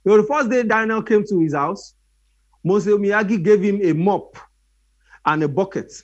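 A man's voice: high voice, moderate pace, no room sound, highs cut off. A man preaching a sermon, telling stories animatedly and acting out voices. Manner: animated storytelling with acted voices.

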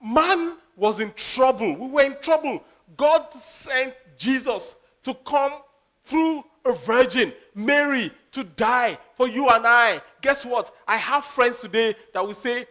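A man preaching a sermon as a pastor, animated, laughing and acting out quotes. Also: very high voice, a little slow.

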